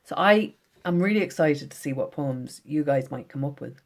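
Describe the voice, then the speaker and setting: A woman, a poet giving a gentle, encouraging recorded lesson for schoolchildren, reading her poems out slowly. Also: low voice, expressive. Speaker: poet teaching children.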